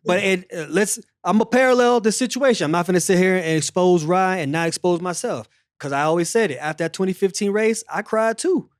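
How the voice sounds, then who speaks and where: A man's voice: sits high, a little fast, few pauses, dry recording, studio quality. A middle-aged man hosting a casual sports chat, telling stories animatedly and repeating phrases. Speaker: show host.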